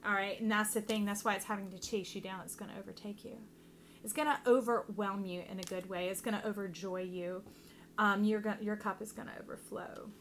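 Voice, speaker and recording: A woman giving a casual, chatty tarot reading to her viewers, affectionate and quick to laugh. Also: mid-range voice, fairly even intonation, a little hiss or hum. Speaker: tarot reader.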